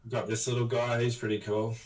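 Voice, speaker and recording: A man's voice: mid-range voice, flat delivery, a little fast, echoey room, far from the mic, rough recording. A man chatting and joking casually on a livestream. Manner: joking, banter-filled. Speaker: streamer.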